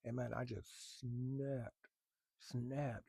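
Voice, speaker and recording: A man's voice: medium pitch, creaky, dark tone, husky, no echo. A man recounting his time as a firefighter, bluntly and with swearing, often stopping on fillers. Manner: blunt, profane, halting with many fillers. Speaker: firefighter telling a personal story. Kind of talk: candid storytelling.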